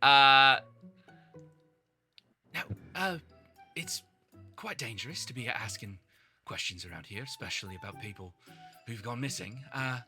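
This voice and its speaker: Man voicing a gruff dock worker, put-on rough accent, keeps it hushed, bright tone. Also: lively intonation, unhurried, pauses often, faint music behind. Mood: wary. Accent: put-on rough working-class accent. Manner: low, secretive warnings.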